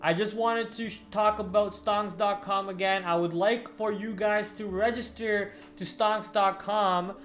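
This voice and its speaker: Man slowly dictating stock trading notes. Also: sits high, fairly even intonation, a bit bright. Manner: slowly dictating trade notes while typing. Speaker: stock trading livestream host. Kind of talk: casual livestream chat. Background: faint background music.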